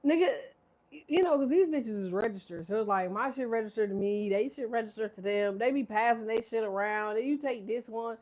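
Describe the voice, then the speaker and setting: A woman's voice: a little high, fairly quick, darkish tone. Profane, laughing woman tarot reader. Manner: profane, rambling, laughs a lot. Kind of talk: casual live tarot chat.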